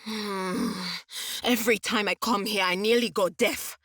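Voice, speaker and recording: A woman's voice: medium pitch, steady tone, unhurried, a bit bright, no echo, studio quality. An actress playing a nervous female psyker who hears whispering voices, wry and laughing to herself. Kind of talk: video game voice acting.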